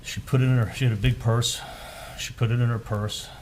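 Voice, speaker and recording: A man on the witness stand in a courtroom, retelling a conversation in halting speech that repeats words. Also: mid-range voice, flat delivery, darkish tone, slight background noise, rough recording. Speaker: trial witness. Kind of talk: courtroom testimony.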